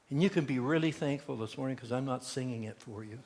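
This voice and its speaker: A man's voice: mid-range voice, fast, few pauses, a little mellow. Man, pastor, folksy sermon storytelling, acted-out quotes, reverberant sanctuary. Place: church sanctuary. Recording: long church hall reverb.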